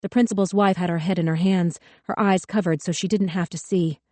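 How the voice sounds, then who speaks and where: A woman narrating a thriller audiobook in a measured, tense way. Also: on the low side, steady tone, mellow, no room sound. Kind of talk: scripted narration.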